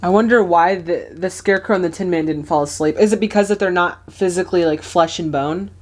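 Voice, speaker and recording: A woman's voice: on the low side, brisk, slight background noise. A young woman hosting a movie reaction video, chatting casually with lots of fillers. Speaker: host of a movie reaction channel.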